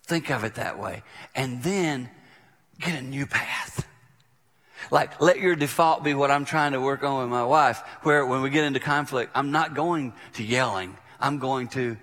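A man's voice: medium pitch, normal speed, fairly bright tone. A middle-aged man preaching a conversational sermon as a pastor, telling stories and acting out the quotes. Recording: live hall reverb.

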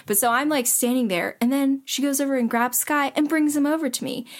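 A woman chatting casually with friends, telling an animated story and acting out the dialogue. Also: high-pitched, brisk.

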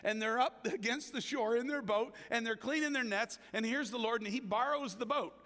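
A man's voice: moderate pace, sharp tone. A man preaching a sermon in a church, talking conversationally to the congregation and acting out the quotes he tells. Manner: conversational, frequent "right?" asks to the congregation; acts out quoted speech with big pitch swings. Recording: long reverb of a large hall.

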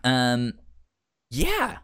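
A man's voice: medium pitch, huge pitch swings, a crowd in the background. A man co-hosting a casual podcast chat, stumbling through restarts and fillers, with the hiccups. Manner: halting, many restarts and fillers. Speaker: podcast co-host.

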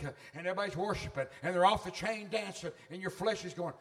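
Man, middle-aged, high-pitched, fervent folksy sermon. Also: quick pace, hardly any pauses. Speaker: preacher.

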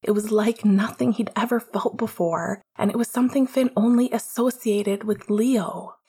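A woman reading a novel aloud in a soft, whispered storytelling voice. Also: medium pitch, steady tone. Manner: slow, soft, breathy whispering narration. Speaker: audiobook reader.

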